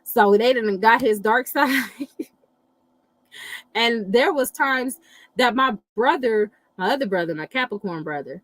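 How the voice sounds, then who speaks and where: A middle-aged woman hosting a casual live chat, animated and blunt, swearing freely and reacting to viewer comments. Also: on the high side, unhurried, pauses often, dry recording, rough recording. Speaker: livestream host reading astrology.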